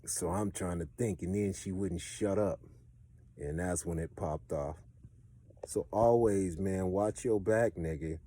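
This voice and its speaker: A man with a Los Angeles accent speaks in a fairly low, dark and mellow voice. He tells a long street story in casual, profane slang, sometimes animated and sometimes dropping to a low mutter as he gives advice. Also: a little slow, husky.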